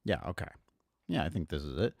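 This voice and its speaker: A man's voice: deep voice, big pitch swings, creaky, darkish tone, no echo, clean studio sound. A man streaming at home, reading a historical text aloud and breaking off into exasperated, profane commentary with many fillers and restarts. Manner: exasperated, profane asides between halting read-aloud passages.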